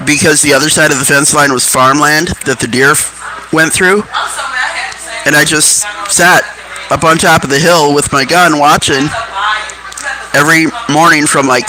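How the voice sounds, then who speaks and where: A man's voice: fairly high pitch, poor audio. A man casually telling rambling stories and musing aloud, offhand and profane. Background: music.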